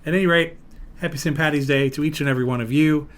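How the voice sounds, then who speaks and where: A man hosting a podcast in casual chat, animated and jokey, sometimes slipping into playful silly voices. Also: on the high side, fast talker. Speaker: podcast host.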